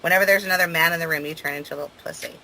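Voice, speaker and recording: A man on a replayed phone call speaks in a slightly raised, bright voice and needles the other caller with mocking taunts. The clip carries a faint hiss underneath. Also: a little high, fairly even intonation, rapid-fire. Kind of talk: played-back phone call.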